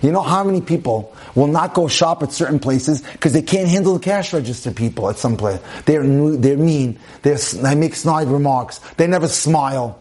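On the high side and a little mellow, a man talks at a moderate pace with few pauses. He preaches about marriage emphatically, echoing phrases and firing off rhetorical questions.

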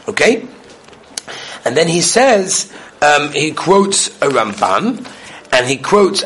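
Here a man teaches the weekly Torah portion, animatedly recounting stories as he moves between excited loudness and soft hushed moments. His pitch is fairly high.

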